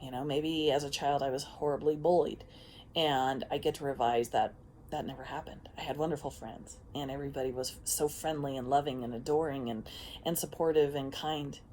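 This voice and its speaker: Speaking low and a bit quickly, a woman self-help vlogger gives a casual, frank monologue, lively throughout, swearing freely and laughing often. There's a faint hum of background noise.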